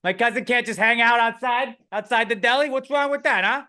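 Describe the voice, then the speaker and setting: A man's voice: very high-pitched, brisk, bright, forceful tone, voice pushed up. A man voicing an indignant mob cousin. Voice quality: indignant, mocking. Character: defensive Italian-American mob cousin, middle-aged man.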